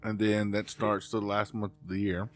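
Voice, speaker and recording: A man's voice: fairly low pitch, level tone, normal speed, faint music behind. A man co-hosting a podcast in casual chat, joking and laughing often as he moves the talk along. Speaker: podcast co-host.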